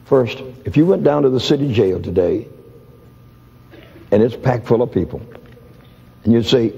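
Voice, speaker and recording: A man's voice: lively intonation, normal speed, vocal fry, pauses often, dark tone. An older man preaching a sermon, acting out conversations as he tells stories. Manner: storytelling, acts out dialogues with shifts in pitch. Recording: dull lo-fi audio in a reverberant hall.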